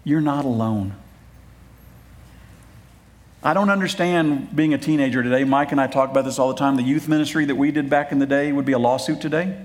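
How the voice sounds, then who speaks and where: A man's voice: medium pitch, steady tone, fast talker, few pauses. A middle-aged man preaching a sermon in a church, conversational, with joking asides and earnest appeals to fathers. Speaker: pastor.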